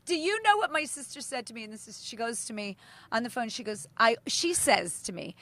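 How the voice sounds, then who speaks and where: A middle-aged woman co-hosts a casual podcast. Her voice sits high, and she tells stories in an animated way, jumping into quoted voices and swearing freely. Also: a little fast. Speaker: podcast co-host. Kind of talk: casual chat.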